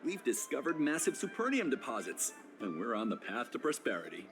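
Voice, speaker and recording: A man's voice: mid-range voice, wildly swooping pitch, fairly quick. An actor playing an upbeat man from a frontier planet who talks up his home in a boastful way, over game music. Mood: proud.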